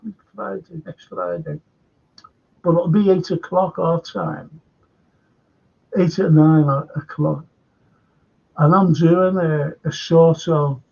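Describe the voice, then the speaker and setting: A man's voice: on the high side, creaky, slightly rough. An older man hosting a casual live stream, chatting and reading viewer comments aloud. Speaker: show host. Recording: dull lo-fi stream audio.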